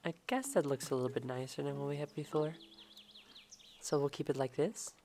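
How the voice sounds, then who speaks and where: A young woman streamer talking softly in a murmuring ASMR voice as she plays a game. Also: deep voice. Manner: slow, murmuring and drawn-out, with sudden delighted exclamations.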